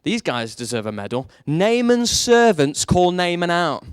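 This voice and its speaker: A young man delivers a sermon in a slightly high voice, recorded close and dry. He tells his stories steadily and throws rhetorical questions at his listeners, his pitch leaping upward whenever he drives a point home. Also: a little slow, clear, resonant tone, no room sound. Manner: storytelling, animated, rises sharply for emphasis. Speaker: preacher.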